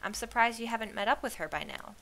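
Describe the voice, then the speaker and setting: Woman doing a gruff, bossy old shepherd woman. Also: on the high side, quick pace, sharp tone, pitched above the performer's own voice. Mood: matter-of-fact. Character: gruff older female shepherd, brusque and bossy.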